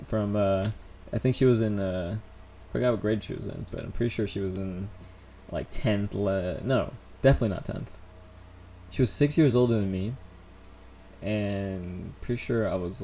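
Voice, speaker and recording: A young man telling stories on a casual live stream, rambling and animated, full of fillers and restarts. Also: on the low side, slight background noise. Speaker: vlogger.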